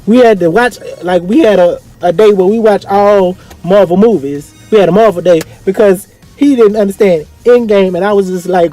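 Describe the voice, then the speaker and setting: A young man with speech giving an effusive, dramatic casual vlog review, swinging from excited highs to quiet asides. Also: moderate pace, hardly any pauses. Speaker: vlogger reviewing a film. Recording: faint music behind.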